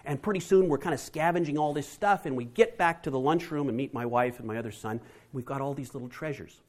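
A man telling a family story to an audience, animated and lively. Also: medium pitch, fast. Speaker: speaker.

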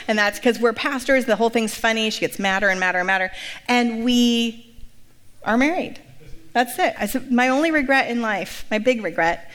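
A middle-aged woman pastor giving a personal testimony, telling stories with lively acted-out quotes. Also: on the high side, big-room sound. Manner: lively storytelling, acting out quoted voices.

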